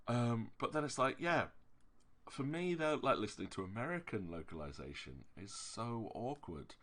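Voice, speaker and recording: A low-pitched man with a Yorkshire accent talks casually to his stream audience. His voice is bright and forceful, with a tense edge. He wanders from point to point, stopping to correct himself and pressing hard on whatever annoys him. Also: big pitch swings, normal speed. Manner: rambling, hesitant, corrects himself often. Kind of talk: casual chat while streaming a game.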